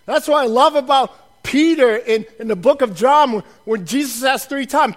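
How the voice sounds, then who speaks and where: A high-pitched man delivers a lively sermon as a pastor. He drops to near-murmurs for asides, then builds to loud, emphatic declarations. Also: moderate pace. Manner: dynamic delivery swinging from soft asides to loud emphatic preaching.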